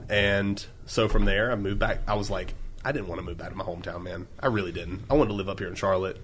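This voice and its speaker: A man's voice: deep voice, fairly even intonation, fast talker, a bit bright, slight background noise. Young man telling his business story. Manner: eager storyteller, many ums and likes. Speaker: podcast guest, store owner. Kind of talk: casual podcast chat.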